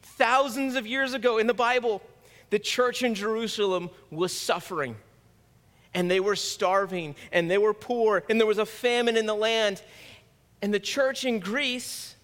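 This pastor has a high, fairly bright voice with fairly even intonation and speaks at normal speed. His sermon is earnest and conversational, echoing with the long reverb of a church sanctuary.

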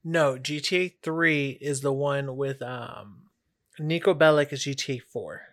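A man's voice: mid-range voice, a little slow, a bit bright. A man co-hosting a podcast in casual chat, blunt and laid-back, swearing freely. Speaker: podcast co-host.

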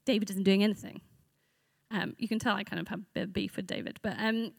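A woman's voice: medium pitch, steady tone, a little fast, creaky, no echo, clean studio sound. A woman giving a conversational sermon to a church group, earnest and reflective, speaking off the cuff.

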